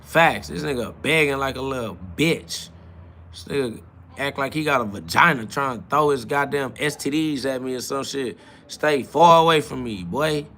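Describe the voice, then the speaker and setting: A man with a sharp, mid-range voice hosts a livestream podcast, reading chat comments aloud and answering them in a confrontational, profane, mocking manner.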